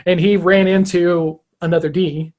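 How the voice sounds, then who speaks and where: Higher-voiced man telling stories on a podcast. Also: moderate pace, lo-fi sound. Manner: animated storyteller, acts out quoted dialogue. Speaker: podcast co-host. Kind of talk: casual podcast chat, storytelling.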